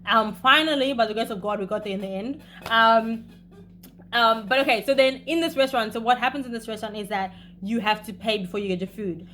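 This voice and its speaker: A young woman vlogger telling a story in a casual, animated way, talking fast with bursts of emphasis. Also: fairly high pitch.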